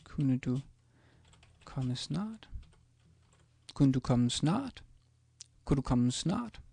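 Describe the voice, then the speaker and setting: A man's voice: medium pitch, sing-song, drawn-out words, vocal fry, warm tone, husky, no echo. A man teaching a language in a casual screencast, hesitant, with many ums and restarts as he types examples. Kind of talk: screencast lesson, typing examples.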